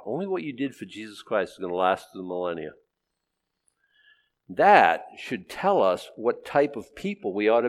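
A middle-aged man preaching an expository sermon, conversational and humorous, swinging from loud outbursts to low asides.

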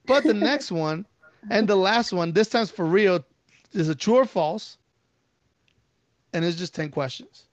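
A man's voice: high voice, measured pace, no room sound. A man chatting casually on a podcast, rambling with lots of fillers and restarts as he asks the questions. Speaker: guest asking questions. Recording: dull, lo-fi, dry.

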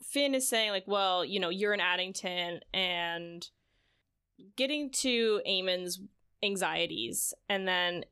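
A woman's voice: lowish voice, slow, smooth. A woman co-hosting a podcast in a casual book discussion, retelling scenes with lots of "like" and acting out lines. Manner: animated retelling, frequent "like", acts out characters' lines. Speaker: podcast co-host.

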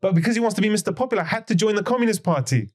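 A man's voice: high-pitched, animated, racing. A man talking as a podcast guest, explaining history emphatically and firing off rhetorical questions. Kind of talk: conversational podcast lecture.

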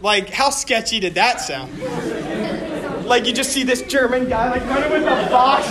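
A male teacher giving a joking, animated history lesson to a class, acting out little quotes as he goes. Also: very high voice, normal speed, a crowd in the background.

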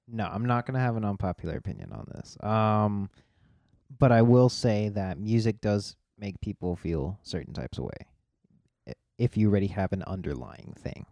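A man's voice: lowish voice, lively intonation, normal speed, gravelly, warm tone, dry recording, muffled recording. A young man co-hosting a casual chat, laid-back and slangy. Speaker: podcast co-host.

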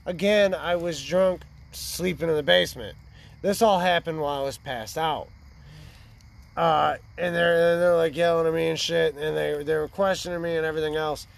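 A man's voice: fairly high pitch, fairly even intonation, moderate pace, creaky. A man in his twenties telling a rambling, profane story in casual chat by a fire. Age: 20s. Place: outdoors by a fire.

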